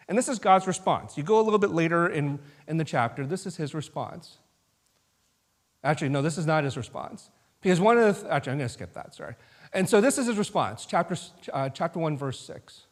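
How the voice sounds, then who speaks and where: A man's voice: on the high side, lively intonation, fairly quick. A man leading a Bible study as pastor, talking through the passage in a loose, casual way with restarts and asides. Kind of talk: informal sermon. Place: church sanctuary.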